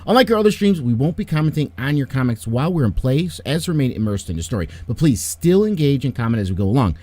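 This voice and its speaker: A man's voice: mid-range voice, quick pace, dry recording. A man hosting a tabletop game stream, his voice swinging up and down with lots of life. He jokes and laughs easily as he runs the table. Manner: energetic, laughs often, joking. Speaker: game master.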